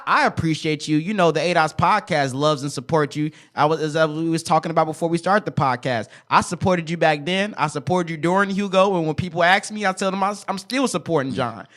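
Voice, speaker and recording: A male podcast host speaks with an encouraging, preacherly lilt. His voice sits a little above the usual pitch, and the talk stays relaxed and conversational. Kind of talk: casual podcast interview.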